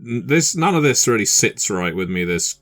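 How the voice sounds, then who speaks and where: A man's voice: medium pitch, very animated, normal speed, fairly bright tone. A man playing a tabletop role-playing game, speaking in a hesitant, thoughtful way, with music behind. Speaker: player. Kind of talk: tabletop role-play, in and out of character.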